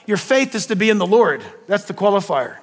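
An older pastor with an unusually high voice for a man preaches a sermon to his congregation, very animated and a little fast. Between points he asks the room questions and drops homey asides, his voice ringing through a large hall with a long reverb tail.

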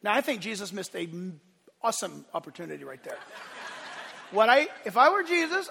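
A man pastor preaching a sermon in an animated, playful way, acting out voices with shouts and laughter. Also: high-pitched, brisk, creaky, slightly rough. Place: church sanctuary. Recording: long church hall reverb.

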